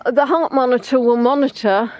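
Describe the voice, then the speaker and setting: A woman's voice: high-pitched, fairly even intonation, moderate pace, dry recording, lo-fi sound. A woman with an English accent chatting casually on a live stream, rambling with many "um"s as she answers viewers. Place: outdoors on a riverside walk.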